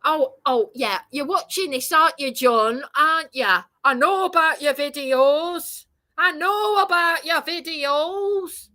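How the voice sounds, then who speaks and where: A woman's voice: high-pitched, normal speed, hardly any pauses, sharp tone. A woman parodying a fawning male property manager in a mocking, sing-song Northern English accent.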